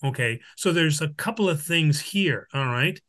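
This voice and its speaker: A man's voice: a little high, lively intonation, normal speed, a bit bright. A man teaching a Bible study, talking unscripted with many restarts and "all right?" check-ins. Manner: explains with Greek examples.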